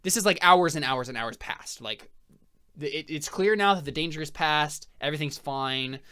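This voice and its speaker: A man's voice: on the high side, expressive, normal speed, pushed and bright, clean tone. Brief: male game master, loose and rambling, many fillers. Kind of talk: narrating a tabletop game.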